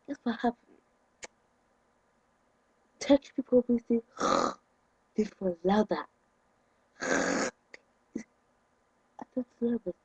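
A young man, ranting indignantly to his camera in a vlog, with sudden loud outbursts. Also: extremely high pitch, vocal fry, breathy edge, dry recording, rough recording. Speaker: vlogger.

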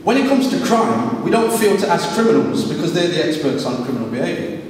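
A middle-aged man from England, a guest speaker giving an animated storytelling talk to a live audience, slipping into street voices for quotes. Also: high voice, brisk. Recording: echoey hall, voice from far off, faint noise.

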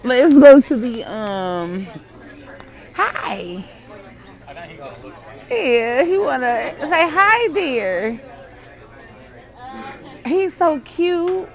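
High, slow-talking woman cooing at puppies. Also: sing-song, a faint crowd. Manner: cooing, baby-talk at puppies. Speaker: vlogger. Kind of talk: casual vlog narration. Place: pet store.

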